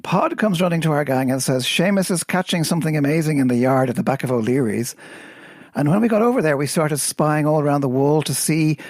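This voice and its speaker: A man with an Irish accent, a host, reading a poem aloud in a lively storytelling way. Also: fairly high pitch, no room sound, clean studio sound. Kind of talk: poetry reading.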